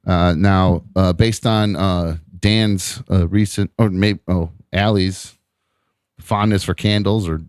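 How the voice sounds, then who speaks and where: A man's voice: deep voice, steady tone, slow, darkish tone, smooth, dry recording, studio quality. Rambling, joking male podcast host. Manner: rambling and joking, with many fillers. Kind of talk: casual podcast chat.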